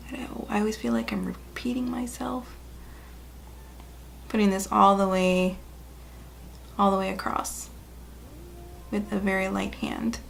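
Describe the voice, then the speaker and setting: Upbeat woman beauty vlogger with a creaky, fry-edged voice, chatting viewers through a tutorial. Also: mid-range voice, slight background noise. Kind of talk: casual makeup tutorial narration.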